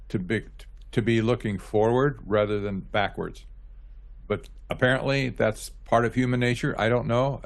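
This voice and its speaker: A man who is a guest author in an interview, speaking haltingly, repeating words and laughing lightly. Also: lowish voice, vocal fry. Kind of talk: casual interview chat.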